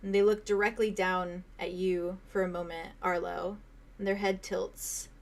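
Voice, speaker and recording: A woman's voice: lowish voice, flat delivery, a little slow. A young woman running a tabletop game as game master, describing a scene in detail with fillers and small laughs.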